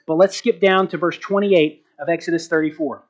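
A man preaching a sermon as pastor, slowing down to stress key words and asking rhetorical questions. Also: on the high side, steady tone, muffled recording. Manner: asks the congregation rhetorical questions.

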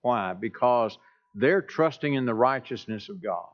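A man preaching a sermon as pastor, speaking in a deliberate, emphatic way and repeating phrases to drive points home. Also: mid-range voice, lively intonation, dull audio.

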